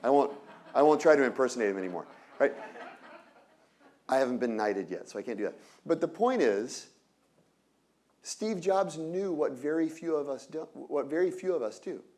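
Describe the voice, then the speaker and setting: A man giving an energetic lecture on innovation to an audience, often asking rhetorical questions and breaking off into quick asides. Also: medium pitch. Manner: energetic, peppered with rhetorical "right?"; asides and self-corrections.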